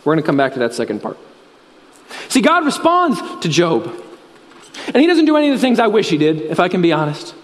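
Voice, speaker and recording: A man's voice: high voice, huge pitch swings, a little fast, long pauses, big-room sound. A man preaching a sermon as pastor, telling a story earnestly and quoting scripture.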